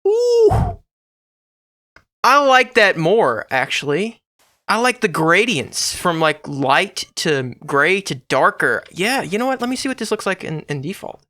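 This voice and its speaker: A man's voice: a little high, sing-song, a little slow, sharp tone, no room sound, studio quality. A man hosting his own gaming channel, giving casual, rambling, jokey commentary to himself while he builds in a game.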